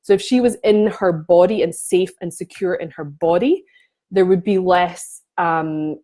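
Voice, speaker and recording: A woman's voice: fairly low pitch, a little slow, mellow. A woman spiritual coach talking casually to camera, passionate and often restarting her sentences.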